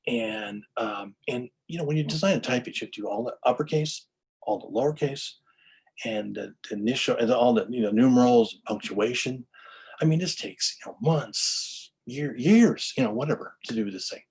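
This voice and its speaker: A man's voice: medium pitch, normal speed, darkish tone, slightly rough, poor audio. A man giving an enthusiastic lecture-style story about book history, full of restarts and stammers.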